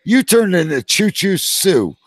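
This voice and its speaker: A man's voice: sits high, very animated, unhurried, no room sound. A man from Canada co-hosting a casual podcast chat, teasing and swearing freely. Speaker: podcast co-host.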